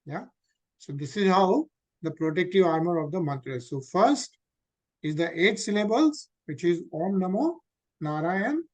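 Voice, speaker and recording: A man leads a scripture study over an online call, reading verses and then explaining them. His voice sits a bit high for a man, and he keeps asking the group questions and filling gaps with "uh". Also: expressive, normal speed. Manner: explanatory, asks the group questions, many fillers.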